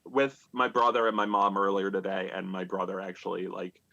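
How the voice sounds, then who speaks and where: A man's voice: sits low, level tone, a little fast, creaky, pushed and bright, lo-fi sound. A man telling a comic family story on a live video-call show, hesitant with plenty of fillers and restarts. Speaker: stand-up comic. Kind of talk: comedic storytelling.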